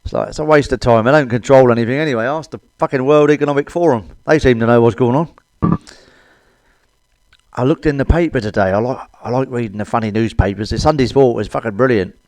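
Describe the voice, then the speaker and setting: A man's voice: mid-range voice, fairly quick, darkish tone, no room sound. A middle-aged British man doing a crude stand-up comedy monologue, blunt and cheeky, swearing often. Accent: British English.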